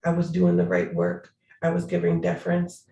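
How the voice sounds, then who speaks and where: A man's voice: on the high side, sing-song, normal speed, gravelly, mellow, echoey room, highs cut off. A man, a city prosecutor, talking earnestly and emphatically in an interview over a video call, repeating phrases for stress.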